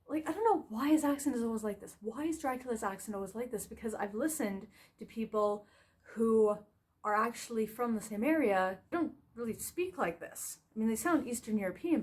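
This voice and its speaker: Frustrated woman ranting in a casual review. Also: on the high side. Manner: animated, frustrated, scattered with fillers. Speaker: video reviewer.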